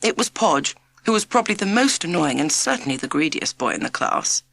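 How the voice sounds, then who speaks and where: A woman reading a children's storybook aloud in an expressive, measured narration. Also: low voice, creaky. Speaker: audiobook narrator.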